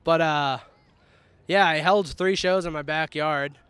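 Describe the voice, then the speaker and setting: Animated Boston-accented comedian, bright voice. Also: male voice, on the high side, measured pace, clean tone, no room sound. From Boston, United States. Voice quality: profane, animated storyteller who laughs often. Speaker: comedian guest. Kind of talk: casual podcast chat, telling funny stories. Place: in a canoe outdoors.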